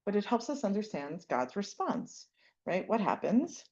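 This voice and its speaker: A woman and mother of young kids teaching a lively Torah class, often asking "right?" and acting out the lines she quotes. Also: mid-range voice, a little slow, lo-fi sound. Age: adult parent with young kids. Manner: animated, keeps asking "right?", acts out quotes. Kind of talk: lively Bible class lecture.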